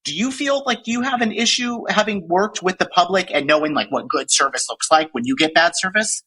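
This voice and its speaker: A woman's voice: on the low side, brisk, sharp tone, slightly rough, poor audio. A woman in her forties hosting a podcast, chatting casually and ranting with profanity and frequent laughter. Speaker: podcast host. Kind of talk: casual chat.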